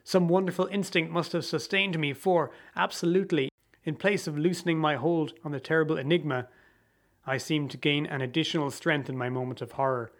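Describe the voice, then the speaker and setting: A man reading a story aloud as a dramatic audiobook narration, with a measured, theatrical delivery. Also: a little high.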